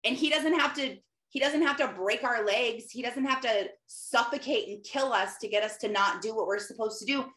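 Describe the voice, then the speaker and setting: A woman's voice: a little high, normal speed, few pauses, fairly bright tone. A woman Christian life coach giving an emphatic, conversational motivational talk, often repeating phrases. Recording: roomy echo.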